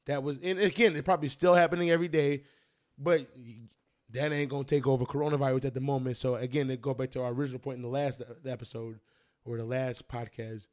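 A man's voice: medium pitch, fast talker. A young man hosting a podcast, rambling and swearing casually as he tells stories, after a few drinks. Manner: rambling, profane, restarts often, animated storytelling. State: has been drinking. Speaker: podcast host. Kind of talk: casual chat.

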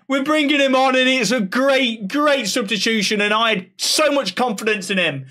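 A man's voice: extremely high pitch, moderate pace, hardly any pauses, sharp tone. A man reacting to a football match, stumbling over his words and then crying out at the goals. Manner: stammering, then exclaiming. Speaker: football fan.

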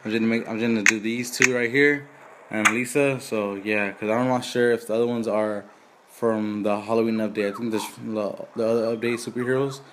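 A man's voice: fairly low pitch, fairly even intonation, a little fast, background noise. A man casually commenting on a mobile game, reading its dialogue aloud with fillers and asides. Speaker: gaming channel host.

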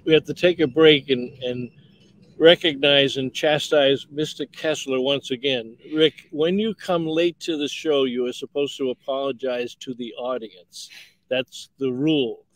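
A man's voice: mid-range voice, fairly even intonation, unhurried, no room sound, low-quality recording. A man hosting a casual show over a video call, chatty and teasing his guests. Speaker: host. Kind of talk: casual chat.

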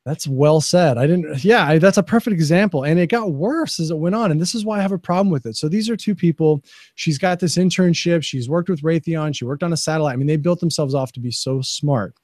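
A man hosting a casual podcast in a slightly high voice, giving opinionated and animated commentary. His voice is close and dry, with no room sound behind it. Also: brisk, no room sound. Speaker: podcast host.

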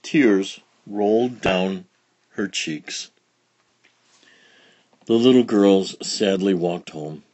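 A man reading a children's picture book aloud in a slow, expressive, gentle storytelling manner. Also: low voice, no room sound. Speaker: storybook reader.

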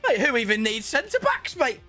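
A man hosting a gaming video in casual commentary, dramatic and self-pitying one moment, excitable the next. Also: very high-pitched, a little fast, faint music behind. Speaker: gaming channel host.

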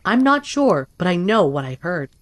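Female narrator for first-person stories; low-set voice, steady delivery, dry and close. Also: normal speed, no echo. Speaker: story narrator.

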